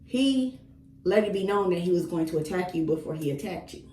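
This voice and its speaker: A woman's voice: on the low side, animated, a little fast, darkish tone, slight background noise. A woman casually venting as she cuts her hair, retelling talks with her son and repeating phrases for stress. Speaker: vlogger, mother. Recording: echoey room, mic at a distance.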